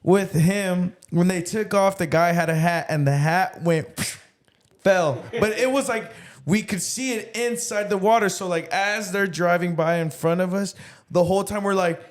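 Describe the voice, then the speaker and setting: Higher-voiced young man jumping in. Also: unhurried. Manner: jumps in, takes over the story, laughs. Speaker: podcast co-host. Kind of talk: casual chat.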